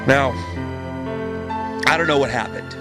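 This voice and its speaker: A man playing a bitter, resentful ex-friend who talks haltingly with many fillers, with music clearly playing behind. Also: mid-range voice, close to an everyday voice.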